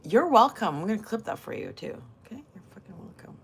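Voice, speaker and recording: A woman's voice: medium pitch, very animated, fast, background noise. An older woman chatting casually on a livestream, reading viewers' messages aloud and teasing them with crude, swearing humor and frequent laughter.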